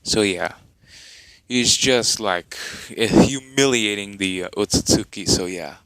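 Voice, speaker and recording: A man telling a made-up fan story off the cuff, wandering through it with plenty of "like" and "uh". He speaks slowly and the sound is dry and close. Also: lowish voice, fairly bright tone, clean tone, no echo, rough recording. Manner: rambling, many fillers and restarts. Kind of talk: improvised fan story narration.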